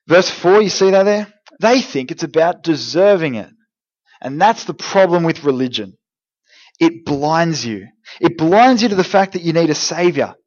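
Energetic youth pastor, muffled recording. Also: male voice, on the high side. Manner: energetic, jokey, direct address to teens. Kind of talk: youth group talk.

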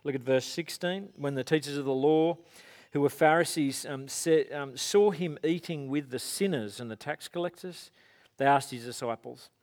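A man preaches in a relaxed, conversational way. He tells the stories with lively acted-out quotes. His voice sits a little higher than most men's. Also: moderate pace. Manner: casual, animated storytelling with acted-out quotes. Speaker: pastor. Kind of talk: conversational sermon.

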